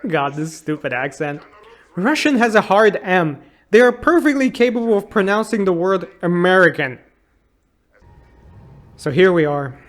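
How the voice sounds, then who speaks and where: A man in his thirties with a notably high voice, narrating a funny look back at a game he loved as a kid. He sounds sarcastic and exasperated, often mocking the plot in disbelief. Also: sing-song, a little slow. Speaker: YouTube game reviewer. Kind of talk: comedic game retrospective narration.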